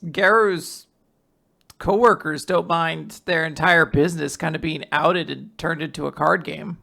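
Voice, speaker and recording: A man's voice: fairly high pitch, fairly even intonation, a little slow, vocal fry, sharp tone. A man co-hosting a manga podcast, chiming in with dry, wry remarks. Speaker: podcast co-host. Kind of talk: casual chat.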